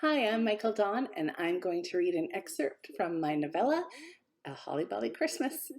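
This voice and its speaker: A woman's voice: on the low side, animated, normal speed, a little mellow. Woman author reading her novella. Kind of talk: reading her own fiction aloud.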